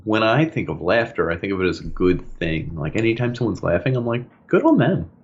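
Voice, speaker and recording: A man's voice: low-pitched, fast talker, highs cut off. A man co-hosting a casual podcast chat, telling stories with lots of laughter and acted-out quotes. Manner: animated storytelling, acts out quotes, laughs a lot. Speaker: podcast co-host.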